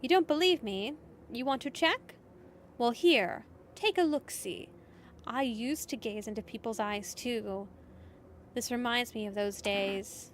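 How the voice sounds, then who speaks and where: A woman's voice: fairly high pitch, unhurried, a little hiss or hum, close to an everyday voice. A woman voicing a creepy old grandmother who calls everyone dearie in a folksy, cryptic way, while reading game dialogue. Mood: wistful. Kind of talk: dramatic game voice acting.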